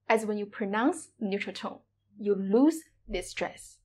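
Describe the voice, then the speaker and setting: A woman's voice: medium pitch, unhurried, darkish tone, slightly rough. A woman teaching Mandarin pronunciation, modeling each syllable with exaggerated tones in a scripted lesson.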